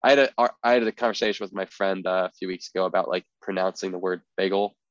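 A man's voice: sits low, steady tone, fast talker, no room sound. A young man co-hosting a podcast, talking in a casual, rambling way with lots of filler words. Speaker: podcast co-host. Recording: dry, slightly dull podcast audio.

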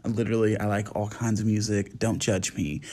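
A man's voice: on the low side, flat delivery, moderate pace, darkish tone. A young man hosting a casual solo podcast, sassy and chatty with lots of fillers, recorded at home at night. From United States. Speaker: podcast host.

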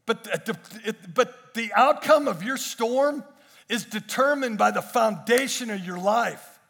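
A man's voice: very high voice, expressive, measured pace, gravelly, a bit bright, a little hiss or hum. A male pastor preaching a sermon with emphatic, repeated phrases.

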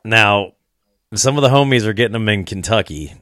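A man's voice: fairly low pitch, moderate pace, fairly bright tone, no room sound, studio quality. Laid-back Midwestern man hosting a podcast. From American Midwest. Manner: laid-back, swears freely, laughs often. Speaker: podcast host. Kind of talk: casual chat.

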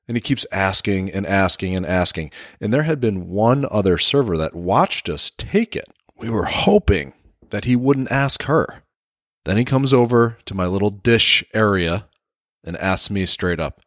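A man's voice: lowish voice, sing-song, normal speed, no room sound, clean studio sound. A man giving a motivational leadership talk, telling a personal story in an earnest, confessional way. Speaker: leadership speaker.

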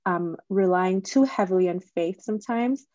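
A woman's voice: mid-range voice, normal speed, dark tone, no echo, lo-fi sound. A woman hosting a discussion, thoughtfully working toward a long question with frequent fillers. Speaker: podcast host. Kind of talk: conversational discussion.

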